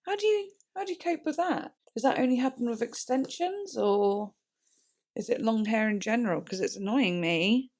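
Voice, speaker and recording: A woman hosting a music reaction video, chatting excitably, swearing freely and trailing off into fillers. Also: on the high side, moderate pace. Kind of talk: casual reaction chat.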